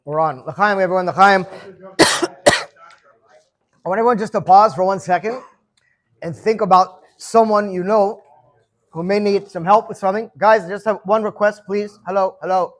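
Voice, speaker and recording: Man in his fifties, high voice, chatty storyteller, leading a group talk. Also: unhurried, long pauses, a bit bright. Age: 50s. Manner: chatty, storytelling, repeats words when starting. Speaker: farbrengen leader. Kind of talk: informal gathering talk. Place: room with a gathered group.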